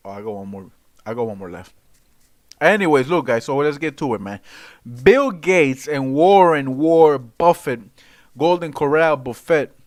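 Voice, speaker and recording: A man hosts a casual livestream, rambling in profane slang between bits of reading news aloud. His voice is smooth and clear, and the sound is dry and close, with no room echo. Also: a little high. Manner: profane, rambling, excitable slang-heavy talk. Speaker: political livestream host.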